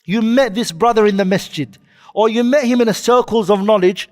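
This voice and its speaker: Male preacher, high register, delivers a sermon with Arabic quotes and questions to the crowd, reverberant hall. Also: fairly quick. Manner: quotes Arabic then explains in English, asks the audience questions. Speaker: Islamic preacher.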